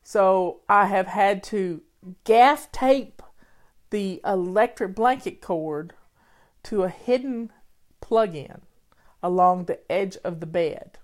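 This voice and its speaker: A woman's voice: medium pitch, slow. An older woman, chatting casually and folksily with her viewers as a home-organizing host. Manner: chatty, folksy, talks over background music. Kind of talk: casual live chat with viewers. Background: faint music playing.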